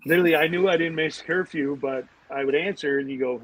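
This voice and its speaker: Husky man rambling through stories. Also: a little high, fast talker. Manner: rambling, animated anecdotes with many fillers. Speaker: guest, former pro hockey player. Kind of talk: casual storytelling. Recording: dull lo-fi audio.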